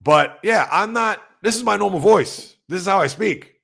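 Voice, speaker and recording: Loud, gravelly-voiced sports talk man. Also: high voice, lively intonation, normal speed. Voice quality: loud, emphatic delivery. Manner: rambling, conversational, talks back to chat. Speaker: sports livestream host. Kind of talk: casual sports talk livestream, reading viewer comments.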